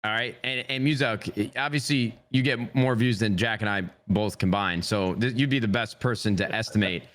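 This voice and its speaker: A man's voice: lowish voice, normal speed, fairly bright tone. A man co-hosting a podcast, talking enthusiastically and rambling, swearing freely. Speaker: podcast co-host. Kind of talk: casual podcast chat.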